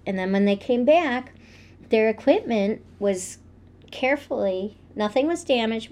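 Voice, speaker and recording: Podcast lady telling stories, laid back, lots of ums, mid pitch. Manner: relaxed, tells stories with fillers. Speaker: podcast co-host. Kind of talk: casual storytelling chat.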